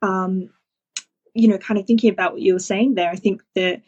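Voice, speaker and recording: Woman podcast host, breathy voice, warmly affirming, chatty and full of fillers. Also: mid-range voice, steady tone, fairly quick, muffled recording. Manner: enthusiastic, affirming, many fillers like "you know". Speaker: podcast host, business coach. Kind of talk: casual podcast conversation.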